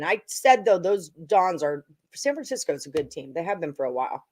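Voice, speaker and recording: A woman's voice: fairly low pitch, animated, brisk. A young woman hosting a casual sports betting live stream, chatty and joking as she talks picks and reads comments. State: out of breath. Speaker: sports betting show host.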